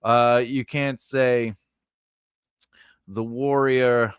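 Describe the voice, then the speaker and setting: A man's voice: mid-range voice, flat delivery, extremely slow, clean tone, dry recording, studio quality. A man giving a casual lesson on building grammar for invented languages, rambling and correcting himself, often checking in with "right?". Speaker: writing teacher.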